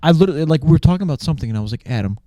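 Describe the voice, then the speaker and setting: A man's voice: on the high side, rapid-fire, no room sound. A man co-hosting a podcast in casual gaming chat, ranting with lots of swearing and laughing, recorded in person. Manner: profane, animated ranting with laughter. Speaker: podcast co-host.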